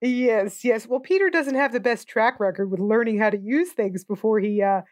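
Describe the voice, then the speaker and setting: A woman co-hosts a casual movie podcast with a slightly high voice. She is wry and sarcastic and often breaks into laughter. The recording is dry and close. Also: normal speed, dry recording. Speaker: podcast co-host.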